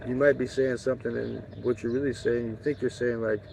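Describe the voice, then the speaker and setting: A travel vlogger rambles casually, joking, digressing, and swearing freely, in a medium-pitched, steady voice with vocal fry at a slightly fast clip. The audio is dull and lo-fi, with faint outdoor noise behind him.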